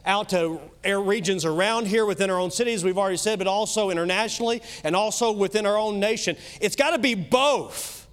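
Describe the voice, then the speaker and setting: Male pastor with a Kentucky accent, high voice, emphatic sermon delivery. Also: clean tone. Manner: emphatic preaching, swinging loud and soft, quick asides.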